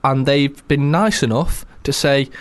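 A man's voice: mid-range voice, a little slow. A man co-hosting a radio show, chatting casually in a self-deprecating way. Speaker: radio co-host. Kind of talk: casual chat.

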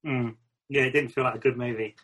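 A man's voice: medium pitch, steady tone, a little fast, fairly bright tone, a little hiss or hum. A man chatting casually, chiming in with dry, wry agreement. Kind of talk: casual chat.

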